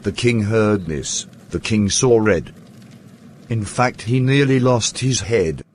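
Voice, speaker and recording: A man narrates a rhyming tale in a measured, storytelling manner. He keeps a slow pace and a fairly low voice. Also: slight background noise.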